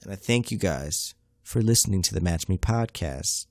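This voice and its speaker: A man's voice: deep voice, animated, moderate pace, a little mellow, no room sound. A young man hosting a podcast, telling a comic story in a laid-back, profane, slang-heavy way. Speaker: podcast host. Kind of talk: comedic storytelling monologue.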